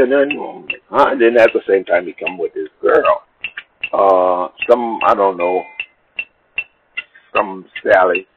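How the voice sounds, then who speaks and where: Low-voiced man telling a rambling, profane story. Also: moderate pace. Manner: rambling, profane, animated retelling with quoted dialogue. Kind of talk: casual storytelling. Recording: dull lo-fi recording with faint noise.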